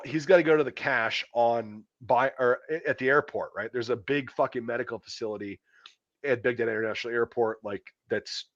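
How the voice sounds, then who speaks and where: A man's voice: mid-range voice, no room sound. A middle-aged man hosting a casual chat, a former infantry soldier telling war stories bluntly and with constant profanity. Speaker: podcast host. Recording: dull, lo-fi dry recording.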